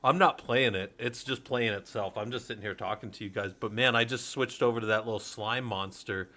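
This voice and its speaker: A middle-aged man streaming in relaxed, rambling chat, swearing freely as he talks to viewers. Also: fairly low pitch, a little fast, hardly any pauses. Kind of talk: casual livestream chat.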